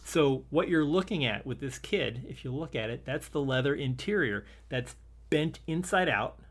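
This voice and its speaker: A man's voice: mid-range voice, animated, moderate pace. A man co-hosting a casual discussion, rambling with many restarts and laughing easily. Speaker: podcast co-host. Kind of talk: casual discussion of an old TV episode.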